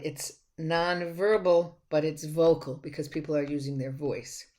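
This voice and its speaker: Her voice is low-pitched. She's a college instructor lecturing on slides in a recording, chatting rather than reciting and repeatedly restarting with plenty of fillers.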